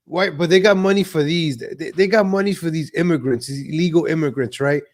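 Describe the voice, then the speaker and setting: A man's voice: on the high side, a little fast, hardly any pauses. A man hosting a livestream political commentary show, ranting and sarcastic with many fillers. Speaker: show host.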